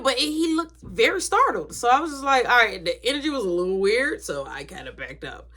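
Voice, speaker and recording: Animated young woman telling a family story. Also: high-pitched, brisk, few pauses. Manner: animated, acts out quoted voices, drops to whispers. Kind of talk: casual storytime.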